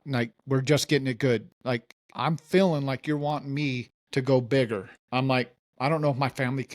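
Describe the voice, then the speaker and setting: A man, a mortgage company founder, telling his story in a casual interview and acting out the dialogue. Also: on the high side.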